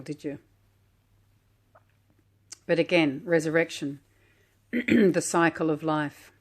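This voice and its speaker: A woman calmly unboxing a tarot deck while sitting on her floor, gushing and admiring each card at an unhurried pace. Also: deep voice. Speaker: tarot vlogger. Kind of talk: relaxed unboxing commentary.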